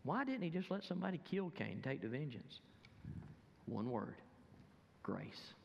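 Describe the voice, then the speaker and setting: A man preaching a sermon as a pastor, emphatic and urging, dropping to a hush for prayer. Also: fairly high pitch, very animated, a little slow, creaky, big-room sound, muffled recording. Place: church sanctuary.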